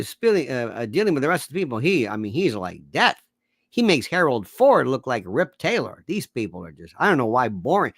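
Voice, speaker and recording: A man rants sarcastically about politics in a lively, swooping voice that jumps from shouts to low mutters. He sounds close to the microphone in a dry, unechoing space. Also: no room sound. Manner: sarcastic, mocking, puts on quick voices of others. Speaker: political commentator. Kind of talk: animated political rant.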